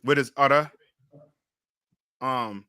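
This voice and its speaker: A man's voice: medium pitch, slow, pushed and bright, no echo, studio quality. A man teaching a class in call-and-response style, firing questions and often asking "you know what I mean?".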